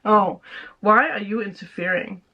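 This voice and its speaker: A woman chats her way through a casual tarot reading, laughing often and acting out the reactions she describes. Her voice sits at a middle pitch, and the recording sounds a little dull and lo-fi. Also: a little slow. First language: Danish. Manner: chatty, laughs often, acts out quoted reactions. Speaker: tarot reader.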